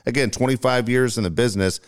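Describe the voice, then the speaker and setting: A man's voice: medium pitch, fast. A man co-hosting a radio show, doing upbeat sponsor reads and repeating phone numbers.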